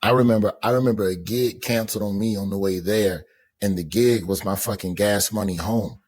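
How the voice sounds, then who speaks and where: A man, a comedian appearing as a guest, talks about his life on the road with blunt, profane candor. His voice sits low and sounds somewhat husky. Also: a little fast, darkish tone. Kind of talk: casual chat.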